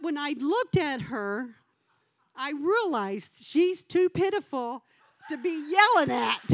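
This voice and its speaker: A middle-aged woman giving a devotional talk at a church gathering, telling a homey story in a chatty way and laughing often between lines. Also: high-pitched. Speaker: lay speaker at a church gathering.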